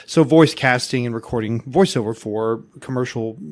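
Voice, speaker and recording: A man's voice: medium pitch, normal speed. A man from Texas, speaking in a put-on mix of Scottish, Irish and Welsh accents, chatting playfully in a sing-song way as a guest. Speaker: guest, Renaissance fair performer. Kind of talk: casual chat in character.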